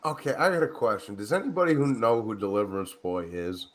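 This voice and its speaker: A man on a livestream panel, joking around and laughing loudly in casual chat. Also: fairly low pitch, fast talker. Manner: joking, animated, loud laughs.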